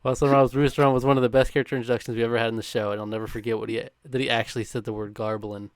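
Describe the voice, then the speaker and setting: Brisk man reading a countdown. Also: medium pitch, flat delivery, smooth. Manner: brisk, chuckling between lines. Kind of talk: scripted read with casual chat.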